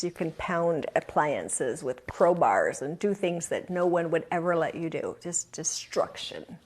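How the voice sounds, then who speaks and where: A woman hosting a talk, telling a personal story in an earnest, confiding way with emphatic repetitions. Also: fairly low pitch. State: emotional, near tears at times. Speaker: host.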